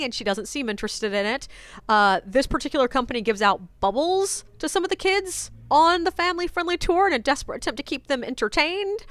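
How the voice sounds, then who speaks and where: Tour guide lady telling wild stories from work, kinda high voice, smooth and clear, super dry close mic. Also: dry recording. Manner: chatty, wry, animated retelling. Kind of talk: casual storytelling vlog. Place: French Quarter, New Orleans.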